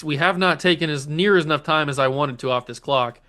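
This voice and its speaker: A man hosting a gaming channel, giving casual, animated let's-play commentary as he pleads with his players and cheers their plays. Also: fairly high pitch, fairly quick, soft background music.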